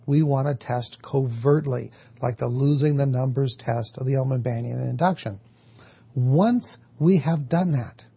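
A man's voice: on the high side, dark tone, husky, dull audio. A man teaching a lecture on hypnotherapy, explaining step by step and answering his own questions. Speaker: hypnotherapy instructor.

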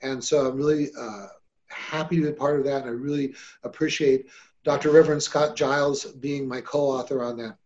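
A man's voice: mid-range voice, steady tone, normal speed, darkish tone, dull audio. A man hosting a podcast on hypnosis, talking in an upbeat, chatty way with some fillers. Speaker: host and hypnosis trainer. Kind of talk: casual podcast chat.

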